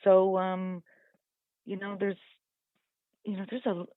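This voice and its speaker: A woman's voice: medium pitch, monotone, takes it slowly, no echo. A woman dog trainer talking casually in a radio interview, chatty and full of "you know", acting out dogs and owners as she explains. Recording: dry tinny phone-like line.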